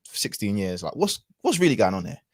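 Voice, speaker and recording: A man's voice: lowish voice, very animated, brisk, breathy edge, no room sound, clean studio sound. A man, a podcast guest telling a personal story in a casual, reflective way with lots of fillers and restarts.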